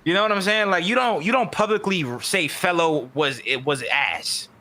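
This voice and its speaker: Bright, heated man ranting. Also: high-pitched, normal speed. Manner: heated, profane, animated rant. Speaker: podcast host. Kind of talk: casual esports podcast chat.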